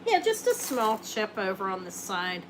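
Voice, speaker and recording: Woman selling rings on a live stream, chatty and jokey, thinking out loud, faint hiss behind her. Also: medium pitch, big pitch swings, normal speed. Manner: chatty, joking, thinks aloud while showing rings. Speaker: jewelry seller hosting a live sale. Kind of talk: casual live sale chat.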